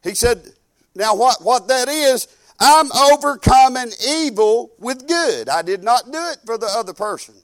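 A man preaching a sermon in a folksy, emphatic way, swinging between loud exhortation and low, quiet asides. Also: lively intonation, a little slow.

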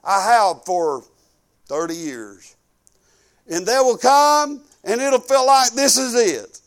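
A man's voice: very high voice, expressive, takes it slowly, fairly bright tone. An older man preaching a sermon in a folksy, conversational way that swells into emphatic bursts.

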